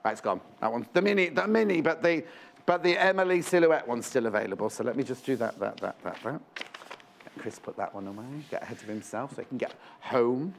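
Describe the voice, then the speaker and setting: A man's voice: medium pitch, brisk, creaky, a little hiss or hum. A man presenting on a live shopping channel, chatty and rambling, counting down stock and correcting himself as he goes. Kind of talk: live TV sales pitch. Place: TV studio.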